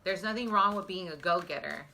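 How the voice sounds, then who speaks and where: Woman psychic reading for viewers, low pitch with a forceful, tense edge, earnest and direct. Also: a little fast, slight background noise. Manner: earnest, emotional, speaks straight to viewers. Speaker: psychic tarot reader.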